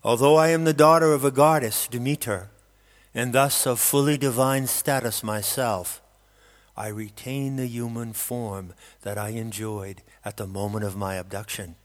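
A man voicing a regal, wistful queen of the dead in an audiobook, his tone husky and measured, with a long reverb on the recording. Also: medium pitch, fairly even intonation, natural voice. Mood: pensive. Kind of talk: audiobook character reading.

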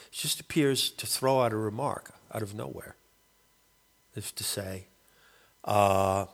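A man calling himself a shaman, rambling through a halting spoken monologue and often searching for the right word. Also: fairly low pitch, creaky, big-room sound. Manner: halting, searching for words, many restarts. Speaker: self-described shaman.

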